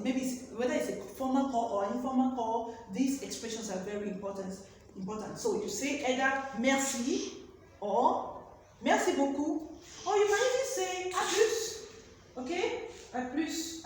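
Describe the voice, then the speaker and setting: A woman teaching a French lesson who explains each phrase slowly and repeats it in two languages. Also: fairly high pitch, very echoey, far from the mic, slight background noise, poor audio. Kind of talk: recorded classroom lesson.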